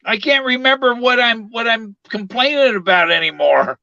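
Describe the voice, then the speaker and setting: A man's voice: extremely high pitch, moderate pace, gravelly, pushed and bright, dry recording. A man on a call chatting casually, wry and chuckling. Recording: dull, dry lo-fi call audio.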